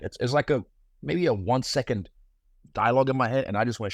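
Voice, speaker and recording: A man in his thirties, the guest in an interview, talking in a relaxed, playful, slangy way with frequent restarts. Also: mid-range voice, brisk, dry recording, studio quality. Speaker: guest fighter. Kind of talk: casual interview.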